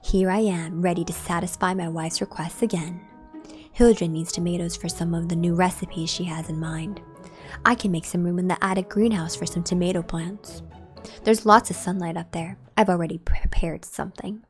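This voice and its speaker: A woman reading as a soft-spoken man in a game. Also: on the low side, fairly even intonation, normal speed, faint music behind, pitched below the performer's own voice, lightly acted. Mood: calm. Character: soft-spoken man tending his wife's greenhouse. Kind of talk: reading game dialogue aloud.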